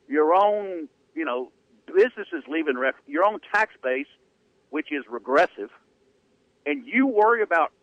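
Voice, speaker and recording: A man hosting sports talk radio, ranting with animated sarcasm. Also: sits high, no room sound. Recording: dry tinny phone-like radio audio.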